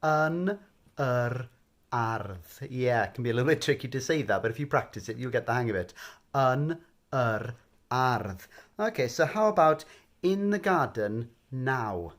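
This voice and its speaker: A man giving a patient, gently coaxing bedtime language lesson. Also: medium pitch, expressive, moderate pace. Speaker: language teacher.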